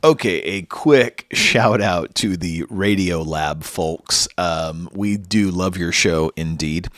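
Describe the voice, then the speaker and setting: A man's voice: low-pitched, takes it slowly, a bit bright, no room sound, clean studio sound, faint music behind. A man hosting a podcast, joking and self-deprecating in banter before narrating the intro. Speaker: podcast host.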